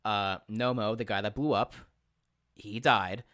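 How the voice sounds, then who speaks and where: A man hosting a casual podcast chat as a game master, telling stories in an animated way, acting out other people's lines and swearing freely. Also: lowish voice, measured pace, no echo, clean studio sound. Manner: animated storyteller who acts out quotes and swears freely.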